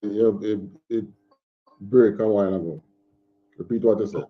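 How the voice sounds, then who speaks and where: A man with a fairly low voice teaches scripture over a video call. He talks haltingly, repeats words and keeps asking his listener questions. The call audio is dull and lo-fi. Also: faint music behind. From Jamaica. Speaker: religious teacher. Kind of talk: online scripture class.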